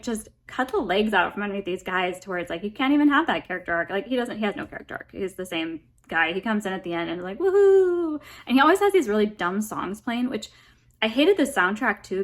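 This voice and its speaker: A woman talks through a book and a movie review in loose, rambling chat. Her pitch sits in the middle of the usual female range. She fills her sentences with "like" and "um", gives blunt verdicts and laughs between her points. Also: a bit bright. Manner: rambling, heavy on fillers like "like" and "um". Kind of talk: casual chat.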